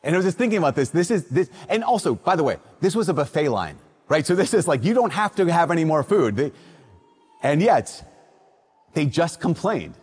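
A man delivers a homily in a church that rings with long reverb. His voice is a little higher than most men's and slightly husky. He talks in a loose, storytelling way. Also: a little fast. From Minnesota. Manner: conversational storytelling with lively quoted voices. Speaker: priest. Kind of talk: sermon.

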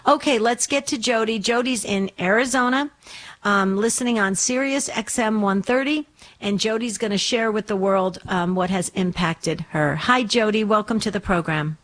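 A woman hosting a call-in radio show, speaking slowly and encouragingly to listeners and callers. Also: medium pitch, a bit bright.

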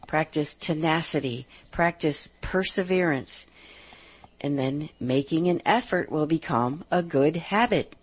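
A middle-aged woman hosting a live advice radio show, upbeat and emphatic, slowing down to stress key points. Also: sits low, breathy edge. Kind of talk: live call-in radio talk.

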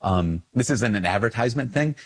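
A man, a priest, talking casually in a video, animated and self-mocking, rambling with fillers. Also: on the low side, fairly quick. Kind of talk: casual video talk to camera.

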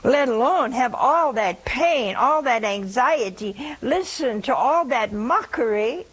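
A woman's voice: fairly high pitch, animated, slow, fairly bright tone, rough recording. A woman in her seventies giving a reflective sermon, dropping to a whisper at times. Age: 70s. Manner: reflective, drops to a whisper for quoted words. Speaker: preacher.

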